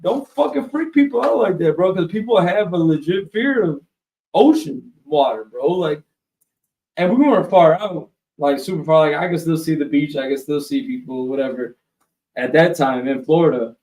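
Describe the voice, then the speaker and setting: A man co-hosting a live webshow, telling a long profane story in a loose, animated way. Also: on the high side, moderate pace, reverberant, recorded from a distance, poor audio. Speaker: co-host. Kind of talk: casual storytelling chat.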